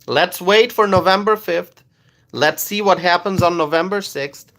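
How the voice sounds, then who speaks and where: A man's voice: high voice, measured pace, fairly bright tone. A man doing live-stream political commentary into his phone, repeating his points emphatically and asking rhetorical questions.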